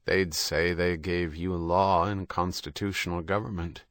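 A man's voice: low-pitched, flat delivery, measured pace, fairly bright tone, no echo. A man voicing a wary young man in an audiobook, speaking dryly and absently. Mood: guarded. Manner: dry, absent-minded remarks. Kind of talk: audiobook character reading.

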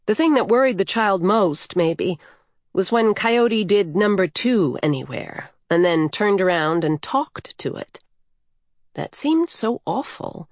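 Measured and even, a woman's voice carries a scripted audiobook reading of a novel. She speaks in a mid-range tone, and the studio recording is clean with no room sound.

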